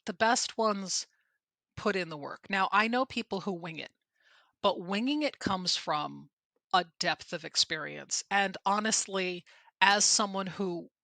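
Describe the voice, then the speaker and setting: A woman's voice: medium pitch, a little slow, vocal fry, bright, forceful tone, no room sound. A middle-aged woman co-hosting a podcast about presenting, talking in a candid, emphatic, self-deprecating way. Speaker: podcast co-host and presentation trainer. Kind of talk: conversational podcast chat.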